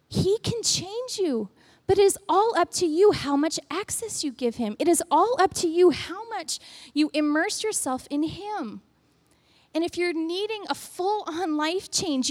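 A woman with a high voice giving a devotional talk. She tells her story in a chatty way, full of "like," then moves into earnest, heartfelt exhortation. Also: darkish tone.

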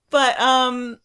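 A woman's voice: sits high, sharp tone, clear, resonant tone. A woman hosts a podcast in easygoing, casual conversation. She talks in a bubbly way and scatters fillers through her sentences. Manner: bubbly, lots of "like" and "um". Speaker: podcast host. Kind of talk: casual chat.

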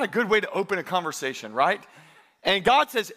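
Bright-voiced high-pitched pastor preaching. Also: male voice, sing-song, brisk. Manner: conversational preaching, quoting scripture with emphasis. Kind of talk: sermon.

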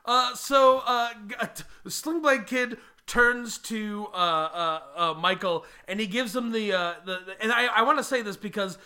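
A man's voice: high-pitched, lively intonation, normal speed, pushed and bright. A man co-hosting a casual comedy chat, joking and laughing often, with plenty of fillers. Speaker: podcast co-host.

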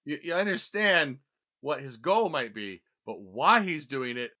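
A man co-hosting a podcast in casual chat, with expressive, excitable reactions. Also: fairly high pitch, a little slow. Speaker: podcast co-host.

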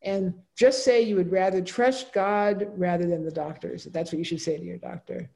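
A woman's voice: lowish voice, steady tone, normal speed, creaky, mellow. A woman giving a lecture, talking her audience through slides in a loose, conversational way with frequent asides and fillers.

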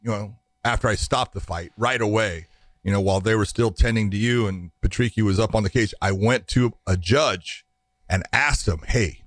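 A man's voice: on the low side, moderate pace, dry recording. Storytelling man, dry close sound. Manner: storytelling, acts out quoted exchanges, profane. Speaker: MMA referee talking shop. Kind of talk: casual podcast chat.

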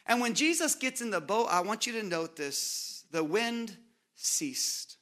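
A pastor preaches a sermon in a high voice with big pitch swings, using dramatic pauses and repeated rhetorical buildups. When quoting scripture, he drops to a hush.

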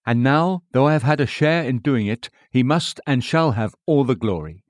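A humble, reverent disciple who speaks quietly of his master, as a sermon reader puts him on. The pitch rises and falls expressively, and the sound is close and dry. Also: lively intonation, moderate pace, dry recording, close to an everyday voice.

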